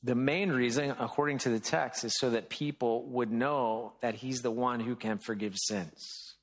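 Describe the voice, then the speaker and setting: A man preaching a sermon to his congregation in a conversational, animated way, with frequent restarts. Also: mid-range voice, normal speed. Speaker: pastor.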